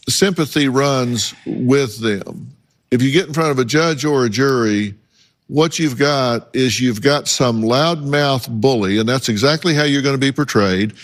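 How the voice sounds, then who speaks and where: Man, talk show host, blunt, slow and emphatic, mid-pitched voice.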